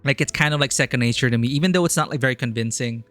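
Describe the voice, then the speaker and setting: A man's voice: medium pitch, rapid-fire, a bit bright, soft background music. A man streaming a video game, chatting casually and enthusiastically, rambling with lots of "like". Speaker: streamer, filmmaker. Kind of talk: casual live game commentary.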